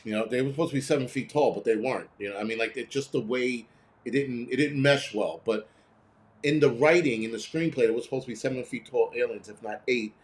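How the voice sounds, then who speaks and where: A man hosting a casual live stream, talking bluntly and swearing freely as he responds to viewer comments. His voice sits in an ordinary middle pitch. He slips into quick imitations of people he is describing. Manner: profane, ranting, blunt; mimics others in quoted voices.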